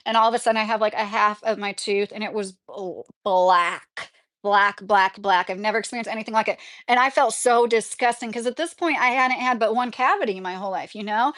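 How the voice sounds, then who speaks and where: A woman's voice: a little high, a bit bright, no echo, clean studio sound. A woman from New Jersey hosting a livestream, chatting casually and reading viewer comments, rambling and laughing often. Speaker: livestream host.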